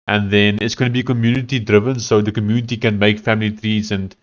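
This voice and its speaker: A man's voice: lowish voice, flat delivery, fast, dull audio. A man chatting casually while he codes and tests his app, thinking aloud as he goes. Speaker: developer streaming his coding session. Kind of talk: casual live-coding chat.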